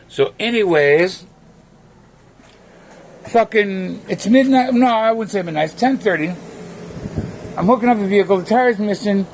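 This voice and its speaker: A man's voice: high-pitched, lively intonation, unhurried, long pauses, a little hiss or hum. A man vlogging from his home, rambling between topics in a casual, profane rant.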